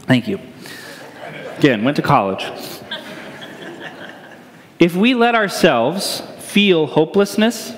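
A pastor preaching an Easter sermon in a conversational, joking way, often checking in with "right?". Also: male voice, fairly high pitch, very animated, unhurried, long pauses. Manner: conversational, self-deprecating humor, asks "right?" often. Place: church sanctuary. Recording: reverberant church hall.

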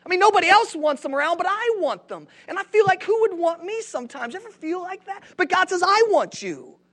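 A man's voice: very high-pitched, lively intonation, quick pace, a bit bright. A man preaching a sermon in a church, conversational, often asking the congregation questions. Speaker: pastor.

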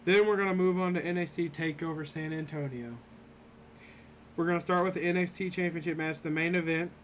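A young man hosts a laid-back wrestling podcast, recapping matches in a rambling, filler-heavy chat. His voice is on the high side and steady, fairly quick, with a faint hiss or hum in the recording.

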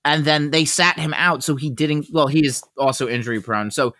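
A man's voice: a little high, moderate pace, no echo, studio quality. Hesitant man trailing off. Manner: hesitant, lots of fillers, trails off quietly. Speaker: podcast co-host. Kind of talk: casual sports chat.

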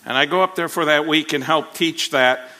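A man's voice: on the high side, moderate pace, bright, forceful tone. A man preaching a sermon, telling a story with rising animation and frequent restarts. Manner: repeats words, frequent restarts.

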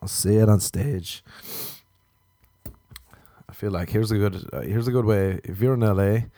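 A man's voice: on the low side, normal speed, dark tone, dry recording, clean studio sound. A man, delivering a self-mocking comic monologue. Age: 30s. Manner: ranting, self-mocking, acts out his own inner voice. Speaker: comedian.

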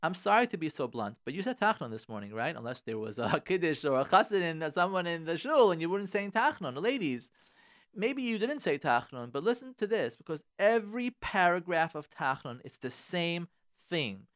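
In a sing-song, fairly high and fairly bright voice at normal speed, a studio radio host offers relationship advice. He is emphatic, repeats his main phrases, and mixes Hebrew prayer words into his English.

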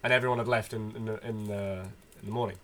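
A young man telling a story in a casual podcast chat, halting, with many fillers. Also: on the low side, steady tone, slight background noise. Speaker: podcast co-host. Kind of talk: casual banter. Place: bedroom at home.

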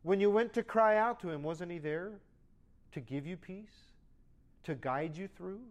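A male pastor preaching a sermon, swinging from loud, emphatic lines to soft, conversational asides in short repeated phrases. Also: high-pitched, a little slow.

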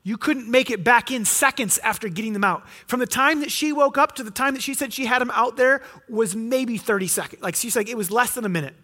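A pastor preaching a sermon, telling a story and acting out what people say. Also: male voice, lively intonation, brisk, sharp tone. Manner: storytelling, acting out quotes with rising pitch.

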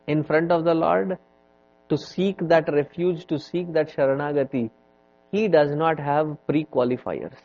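A man giving a spiritual lecture on scripture, telling stories in an unhurried, conversational way with many "you know" fillers. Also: a little high, fairly even intonation. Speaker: swami teaching scripture. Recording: dull lo-fi recording.

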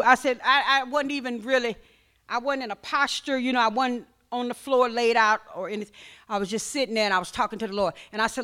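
Middle-aged woman minister, high bright voice, animated testimony preaching with shouts of praise. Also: brisk. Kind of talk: testimony sermon at a seminar.

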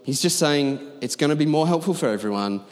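A man's voice: a little high, animated, fairly quick. A man preaching a sermon as pastor, talking emphatically and conversationally with asides to his congregation. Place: large church auditorium. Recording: long reverb of a large hall.

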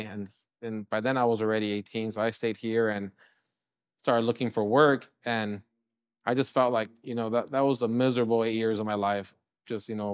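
A man's voice: medium pitch, no room sound, clean studio sound. A man, a chef and restaurant co-owner from California, telling stories in a casual interview, full of "you know" fillers. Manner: rambling, fillers like "you know", acts out quotes.

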